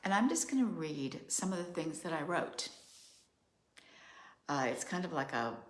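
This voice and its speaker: An older woman speaks slowly in a low voice, thinking out loud as she talks. Her musing, measured monologue has an astrologer's unhurried calm. The room around her adds a roomy echo. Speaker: astrologer host. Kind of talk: reflective solo monologue.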